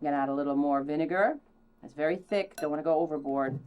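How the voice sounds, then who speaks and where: A theatrical woman runs a cooking demonstration in a chatty, playful way. Her voice sits a little low for a woman, and she lets it leap up into high exclamations. Now and then she tosses in mock French phrases. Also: quick pace, a little mellow, dull audio, slight background noise. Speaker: cooking show host.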